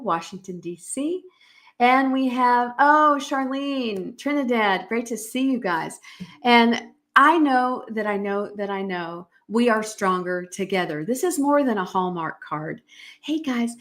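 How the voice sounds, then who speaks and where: A woman's voice: mid-range voice, fairly bright tone. A middle-aged woman from the United States hosting a live-stream podcast, talking in an emphatic, motivational way and greeting viewers. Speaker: podcast host.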